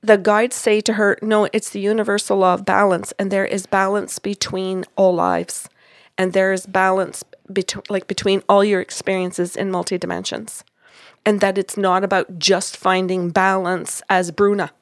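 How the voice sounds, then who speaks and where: A woman's voice: mid-range voice, normal speed, dry recording, clean studio sound. A woman hosting a podcast, chatting casually as she retells a reading and acts out the dialogue. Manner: animated, acts out quoted dialogue. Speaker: podcast host and psychic reader. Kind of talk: casual storytelling chat.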